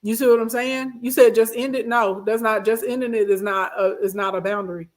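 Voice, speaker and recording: Her voice sits on the high side, quick and fairly even in intonation, as she hosts a laid-back advice stream. She reads out comments from viewers and responds with emphasis, restating points and repeatedly checking in.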